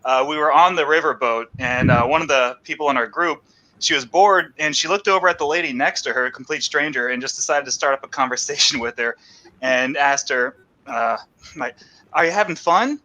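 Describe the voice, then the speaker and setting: A man's voice: mid-range voice, a little fast, sharp tone, lo-fi sound. A man co-hosting a casual chat, telling rambling stories and laughing as he goes. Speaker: podcast co-host.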